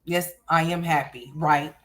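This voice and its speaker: A woman's voice: low-pitched, steady tone, unhurried. A woman hosting a casual livestream, playfully scolding and teasing her young sons. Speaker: livestream host.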